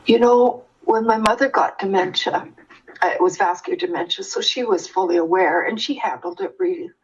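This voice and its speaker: An older woman telling an earnest personal story as a guest, with many restarts and a lively telling voice. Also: medium pitch, fairly quick, highs cut off, slight background noise. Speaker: guest sharing her experience.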